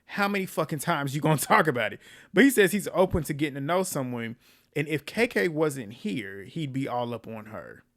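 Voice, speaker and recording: A man's voice: fairly high pitch, expressive, brisk, fairly bright tone. A man giving a casual recap of a reality show episode, opinionated and sarcastic, with frequent laughing asides. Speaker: recap host.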